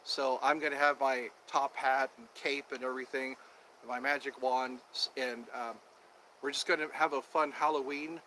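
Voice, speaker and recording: A man's voice: medium pitch, pushed and bright, slight background noise, low-quality recording. A man chatting casually on a livestream, rambling with many fillers, recorded outdoors on a phone. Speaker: livestream host. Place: outdoors at sunset, traffic passing.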